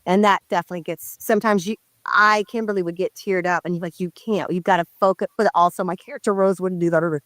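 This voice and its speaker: Woman actress talking earnest, pausing to find words, dry sound. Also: fairly low pitch, steady tone, fairly bright tone, dry recording. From Indigenous community in North America. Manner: earnest, reflective, searching for words. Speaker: actress interviewed. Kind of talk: press interview.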